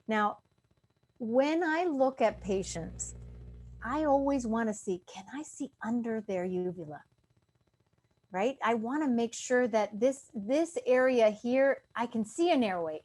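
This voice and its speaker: A woman's voice: mid-range voice, darkish tone. A woman dentist teaching an online class on breathing and tongue posture. She explains things plainly and stops to demonstrate throat sounds for the class. Her voice comes through a video call. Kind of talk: online lecture.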